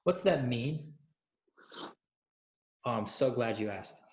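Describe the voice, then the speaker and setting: A man's voice: mid-range voice, animated, takes it slowly. A man giving a casual, playful sermon that keeps asking the audience questions. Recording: echoey room.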